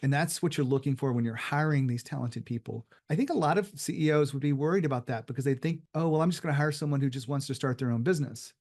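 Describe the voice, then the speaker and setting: A man's voice: medium pitch, fast talker, hardly any pauses, darkish tone. Man hosting a leadership podcast. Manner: reflective, motivational asides. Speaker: podcast host. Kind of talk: interview hosting.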